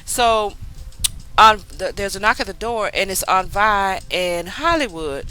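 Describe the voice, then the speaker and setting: A woman's voice: medium pitch, animated, measured pace, pushed and bright, rough recording. A woman casually recapping a TV episode, chatty, with lots of fillers and asides. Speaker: TV recap vlogger.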